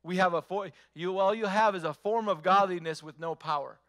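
Bright, high-voiced man preaching. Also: brisk. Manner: emphatic preaching with repetition and rhetorical questions. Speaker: pastor. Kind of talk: sermon.

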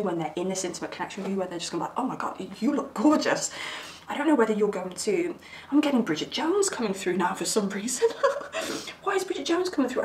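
Woman, tarot reader, rambling and giggly, faint hiss, echoey room. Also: medium pitch. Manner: chatty, giggly, rambling with frequent fillers. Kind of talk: casual tarot reading to camera. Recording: roomy sound, mic at a distance, faint background hiss.

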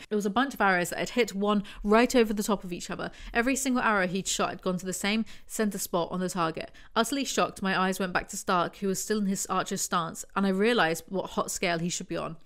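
A woman reads book passages aloud in an even voice pitched in the middle of her range, then drops into sarcastic commentary. Her asides are wry and snarky, like a reviewer roasting the story as she goes.

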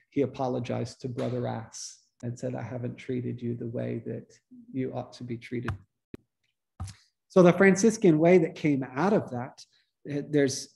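Man, priest, study-group teaching, gravelly, dark tone, conversational. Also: medium pitch. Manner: relaxed, conversational, with frequent restarts. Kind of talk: informal teaching talk. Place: church meeting room.

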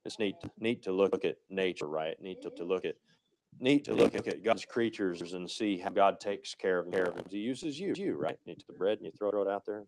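A man's voice: low voice, expressive, a little fast, a little mellow, poor audio. A male pastor giving a casual, conversational sermon, with many restarts and a habit of asking "right?".

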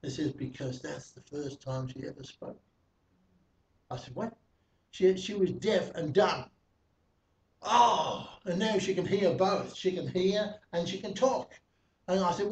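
A man's voice: high voice, a little slow, long pauses. A man preaching a testimony sermon, telling a story in a chatty way with many fillers and chuckles. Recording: echoey, distant, dull, slightly noisy.

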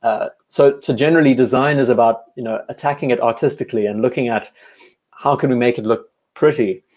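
A man's voice: mid-range voice, fairly quick, darkish tone. A South African man hosting a casual live stream, reading out viewer comments and chatting enthusiastically with frequent restarts.

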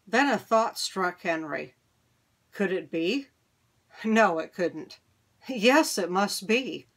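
A woman reading a children's chapter book aloud at a measured, unhurried pace. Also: medium pitch, lively intonation. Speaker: reader.

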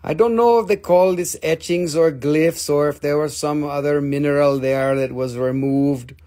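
A man's voice: fairly high pitch, steady tone, normal speed, mellow. A middle-aged man hosting a live crystal sales stream, rambling and joking as he shows the pieces. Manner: rambling, jokey, showing pieces up close.

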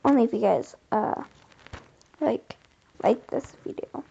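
A woman with a high voice and a gravelly edge talks through a game at an unhurried pace. Her commentary is casual and rambling, drifting between musings to herself and asides to the people watching. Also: mellow, muffled recording. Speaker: gameplay video host.

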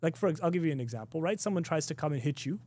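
A man's voice: on the high side, animated, very fast, dark tone, no echo. A middle-aged man teaching an informal class on Islamic ethics, talking loosely with frequent laughs and restarts, and acting out quoted exchanges. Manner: conversational, laughs often, many restarts and "you know"; acts out quoted exchanges in a raised voice.

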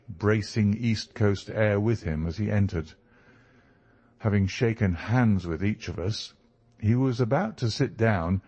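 Brief: male storybook reader, low voice, very slow, deliberate. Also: darkish tone, no room sound. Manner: deliberate, clear. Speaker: narrator. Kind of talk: slow story reading for language learners.

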